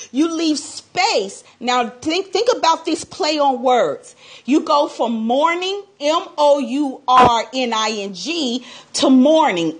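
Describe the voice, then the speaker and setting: A woman's voice: sits high, background noise. A woman relationship coach giving advice in a live talk, emphatic and repetitive with a preacher-like cadence.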